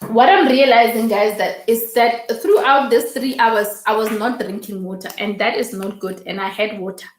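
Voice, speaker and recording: A woman's voice: fairly high pitch, moderate pace, reverberant. A woman hosting a casual YouTube live stream, chatting, reading viewer comments aloud and repeating her thanks.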